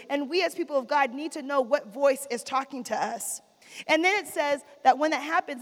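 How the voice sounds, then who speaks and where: A woman's voice: sits high, a bit bright. A woman preaching a sermon in a church, calling for amens from the congregation and repeating lines for emphasis. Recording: long reverb of a large hall.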